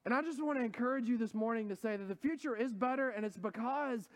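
Guy pastor giving a sermon, high-ish voice, gets worked up telling stories then goes soft. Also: quick pace. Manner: animated storytelling, voice rising with emphasis. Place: church hall.

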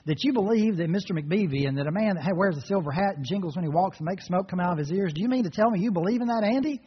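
A man voicing an excitable grown man who stammers in disbelief, with a husky voice. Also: high voice, fast talker. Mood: incredulous. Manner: stammering, incredulous. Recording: reverberant hall, dull muffled sound.

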